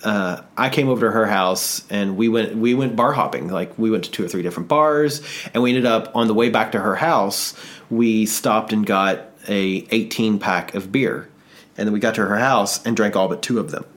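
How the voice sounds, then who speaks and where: A man's voice: lowish voice, moderate pace, fairly bright tone. Rambling, self-mocking male podcast host. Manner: rambling, self-deprecating, swears casually. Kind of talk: casual storytelling chat.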